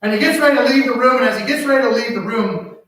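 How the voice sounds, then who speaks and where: A man preaching a sermon, telling a family story in an animated way that swings from hushed asides to loud exclamations. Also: extremely high pitch, rapid-fire. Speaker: pastor. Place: church sanctuary. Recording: echoey church hall from far off.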